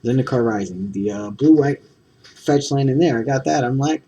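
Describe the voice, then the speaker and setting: A man rambles through a stack of trading cards, stopping for ums and second thoughts. His voice is gravelly and dark. The mic sits some distance away. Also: medium pitch, moderate pace. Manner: rambling, full of ums and self-corrections. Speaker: card-opening video host. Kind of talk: casual card-opening commentary.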